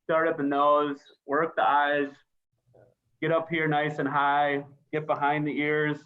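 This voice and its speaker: A man's voice: fairly high pitch, completely flat delivery, unhurried. A man from Minnesota hosting a casual interview, ribbing his guest in a joking way. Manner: jokey, ribbing. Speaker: host. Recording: slightly muffled call audio.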